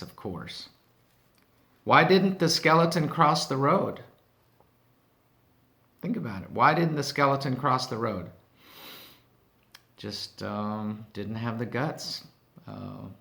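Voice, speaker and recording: A man as host of a comedy segment, telling corny jokes in a deadpan way and letting his voice drop off softly after each punchline. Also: on the low side, creaky.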